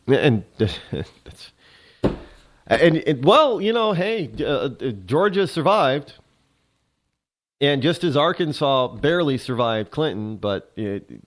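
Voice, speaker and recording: Rambling man with a lively voice. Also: mid-range voice. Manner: rambling, halting with many restarts. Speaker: talk show host. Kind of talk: political commentary monologue.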